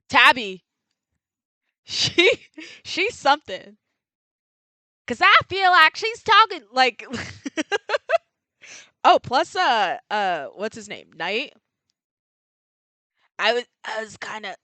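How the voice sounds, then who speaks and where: A woman's voice: mid-range voice, pushed and bright, no room sound. A young woman chatting casually and giggling while streaming a video game, dropping slang as she goes.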